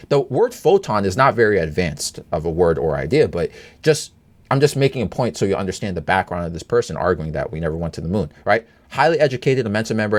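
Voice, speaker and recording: Animated man telling a story. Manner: animated, rambling, swings pitch high in exasperation. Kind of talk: casual storytelling monologue.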